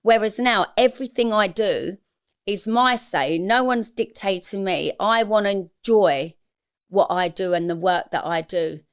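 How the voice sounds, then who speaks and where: Interview guest: woman, 40s, candid and confessional, average pitch. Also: a little slow, clear, resonant tone. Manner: frank, emotional, confessional.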